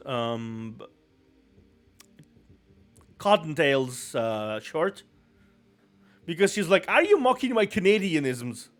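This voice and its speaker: A man's voice: on the high side, a bit bright. A man chatting casually on a live stream, rambling and self-deprecating, apologizing often.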